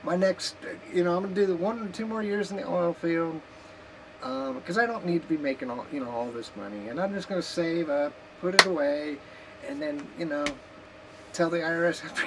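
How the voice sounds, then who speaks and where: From her home kitchen, a woman vlogs in a casual, joking, rambling chat, sometimes talking through mouthfuls of food. Her voice is lowish and brisk, with a noisy hiss in the background of the recording.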